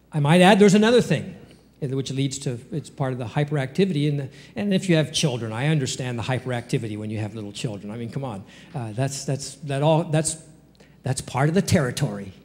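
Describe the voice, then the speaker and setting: A man preaching a sermon as pastor, with rhetorical questions and sudden jumps up in pitch. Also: darkish tone. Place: church sanctuary. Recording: long reverb of a church hall.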